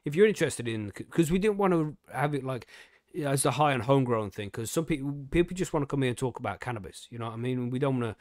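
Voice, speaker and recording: A man's voice: mid-range voice, lively intonation, quick pace, a little mellow, dry recording, clean studio sound. A man hosting a podcast, chatting casually with loose, swearing banter and plenty of fillers. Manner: swearing, laid-back banter with frequent fillers. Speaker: podcast host. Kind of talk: casual chat.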